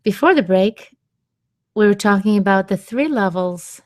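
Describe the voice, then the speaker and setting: A woman hosting a radio show on sound healing, talking gently and unhurriedly, with soft laughs and quiet asides. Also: medium pitch, lively intonation, moderate pace, no room sound, clean studio sound. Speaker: radio show host and vocal sound healer. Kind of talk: slow, soothing radio talk.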